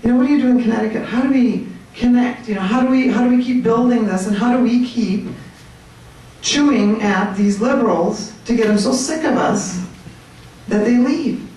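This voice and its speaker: A woman giving an animated, chatty talk to a room of people, joking with her audience. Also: fairly high pitch, normal speed. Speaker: speaker at a political meetup. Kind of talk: lively speech to a crowd. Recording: echoey room, mic at a distance.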